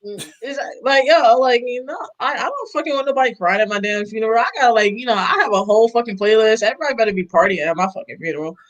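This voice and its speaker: A woman's voice: fairly high pitch, fast, hardly any pauses, lo-fi sound. Profane, emphatic young woman chatting. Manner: profane, emphatic, laughs often. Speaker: podcast co-host. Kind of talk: casual chat.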